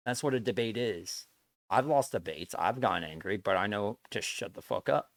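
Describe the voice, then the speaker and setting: Streaming live, a man lectures his viewers bluntly in casual chat, swearing and repeating himself to drive his point home. His voice sits lowish and moves fairly quickly, with no echo.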